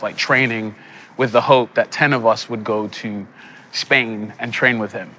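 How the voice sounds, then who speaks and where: Young actor guest, bright tone, lively and laughing, light room noise. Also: male voice, medium pitch. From England. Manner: animated, laughs often, acts out quoted lines. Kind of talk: casual interview storytelling.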